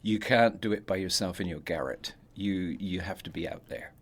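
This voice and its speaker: A man in his sixties with an English accent, an actor talking about his life in a relaxed interview. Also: sits low, normal speed, breathy edge. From England. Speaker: actor guest. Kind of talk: casual interview chat.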